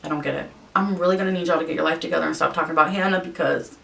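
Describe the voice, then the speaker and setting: Profane ranting young woman, gravelly voice. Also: steady tone, rapid-fire, fairly bright tone. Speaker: vlogger. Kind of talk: rant while doing makeup. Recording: slightly distant mic, faint rumble.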